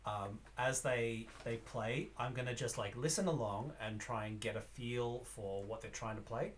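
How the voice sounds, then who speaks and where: Male player, hesitant filler-heavy description, average pitch. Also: normal speed, a little hiss or hum. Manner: rambling, hesitant, full of fillers. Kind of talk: describing actions in a tabletop game.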